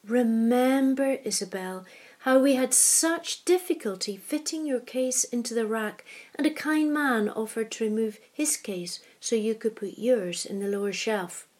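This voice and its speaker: Woman reading a patient, gentle old husband. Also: fairly high pitch, expressive, husky. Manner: measured, gently explaining. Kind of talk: storybook reading.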